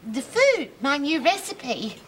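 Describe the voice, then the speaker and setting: A sweet, ditzy housewife, very high and sing-song. There is clear background noise. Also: female voice, sing-song, takes it slowly, fairly bright tone, full character voice. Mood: chirpy. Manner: chirpy, scatterbrained.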